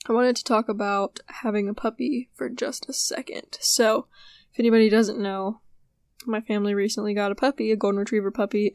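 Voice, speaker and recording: A woman's voice: mid-range voice, a little mellow, smooth, no echo. A sleepy young woman hosting a podcast, chatting casually and rambling about her day. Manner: chatty, rambling, yawning and apologizing. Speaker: podcast host. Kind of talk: casual solo podcast chat.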